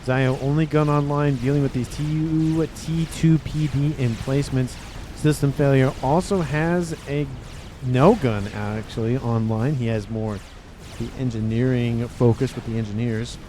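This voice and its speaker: A man calls a strategy game match with a mellow, warm tone and steady, measured play-by-play. He drops the odd wry aside as he goes, over a faint hiss behind him. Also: medium pitch. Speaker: game caster.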